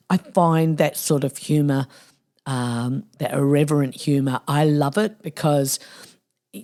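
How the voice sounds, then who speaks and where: Low-voiced New Zealand woman, playful. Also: a little mellow. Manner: playful, tongue-in-cheek, chatty. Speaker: podcast host. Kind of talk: casual solo podcast monologue.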